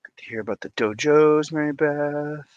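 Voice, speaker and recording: A man hosting a casual livestream, excitedly reacting aloud to viewer comments. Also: fairly high pitch, normal speed, clean tone, no echo, muffled recording. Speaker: livestream host.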